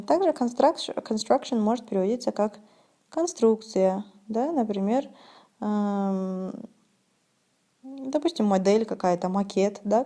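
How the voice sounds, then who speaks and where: A woman teaching an English vocabulary lesson, saying each word slowly and clearly, then translating it. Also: medium pitch, warm tone. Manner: slow, deliberate pronunciation drills.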